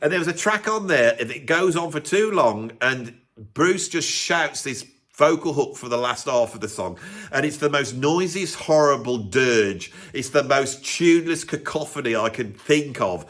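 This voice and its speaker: A man's voice: mid-range voice, lively intonation, moderate pace, fairly bright tone. A man, a musician hosting his own video channel, ranting in a mock-pompous, self-mocking way. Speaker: YouTube host and professional drummer. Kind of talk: sarcastic comedic rant to camera.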